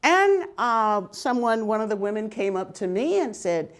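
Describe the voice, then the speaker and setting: Lively, storytelling older woman. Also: on the high side, unhurried. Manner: lively, humorous, laughs often. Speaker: speaker telling her life story. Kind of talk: personal storytelling talk.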